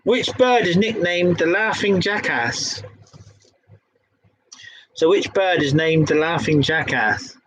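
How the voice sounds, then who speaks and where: A man's voice: fairly high pitch, takes it slowly, long pauses, a bit bright, slight background noise, low-quality recording. A young man with a Devon accent hosting a casual pub quiz, laughing and swearing as he stumbles over the questions. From England. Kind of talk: casual quiz-reading chat.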